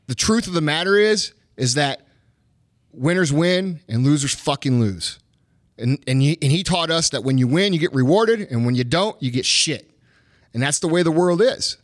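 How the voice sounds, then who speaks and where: A man's voice: on the high side, expressive, normal speed, no echo, clean studio sound. Fired-up profane male podcast host. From United States. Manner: profane, emphatic, punchy repetition. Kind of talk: fired-up motivational rant.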